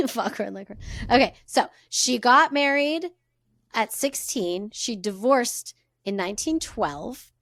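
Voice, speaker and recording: A young woman co-hosting a podcast, chatting and telling a story in a relaxed, hesitant way. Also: on the high side, takes it slowly, no room sound. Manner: relaxed, hesitant, many fillers. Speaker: podcast co-host. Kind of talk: casual chat and storytelling.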